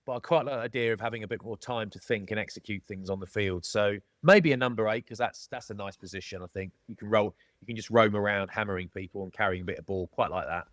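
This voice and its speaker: A man's voice: fairly low pitch, quick pace, hardly any pauses, fairly bright tone, dry recording. Matey man, dry close sound. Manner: jokey, matey, calls people mate. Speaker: podcast guest, former rugby player. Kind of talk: casual storytelling chat.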